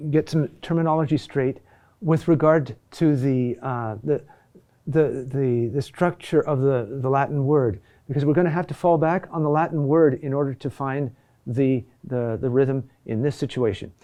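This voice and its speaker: A man teaching a class on chant, slow and halting, often repeating key words and checking in with "huh?". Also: on the high side, dark tone. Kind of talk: classroom lecture.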